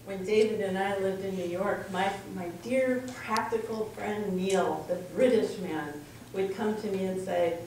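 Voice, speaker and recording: A woman's voice: medium pitch, unhurried, a little mellow. A woman minister giving a reflective talk to a congregation, telling stories in an earnest way. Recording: echoey room from far off, faint noise.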